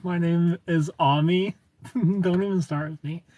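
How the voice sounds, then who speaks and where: Greeting viewers and reading chat comments, a young livestream host rants profanely and laughs a lot. He has a slightly high, warm voice with fairly even intonation and a measured pace.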